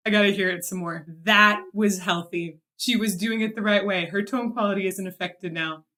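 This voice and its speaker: A woman reacting to a song as a vocal coach, excited and amazed. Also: medium pitch, normal speed. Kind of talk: music reaction commentary.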